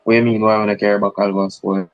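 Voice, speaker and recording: A man's voice: on the low side, flat delivery, very fast, dry recording, lo-fi sound, a faint crowd. Young Jamaican guy, insistent football-debate co-host, dry close sound. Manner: insistent, repeats "bro" and "brother". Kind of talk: heated casual debate.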